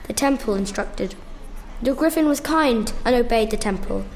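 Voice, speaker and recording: A woman reading a storybook tale aloud, slowly and carefully, with small restarts. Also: a little high, lively intonation, a little mellow, a little hiss or hum.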